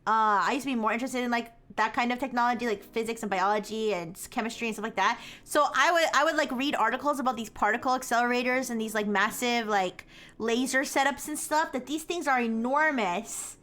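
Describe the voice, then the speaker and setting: High-voiced rambling woman streamer. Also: brisk, a bit bright. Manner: rambling, heavy filler words, frequent laughter. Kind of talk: casual live-stream chat.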